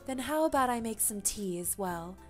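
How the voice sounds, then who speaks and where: A woman's voice: a little high, expressive, moderate pace, a little mellow, faint music behind, natural voice. A woman voicing a timid, mature teenage schoolgirl in a game. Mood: shy.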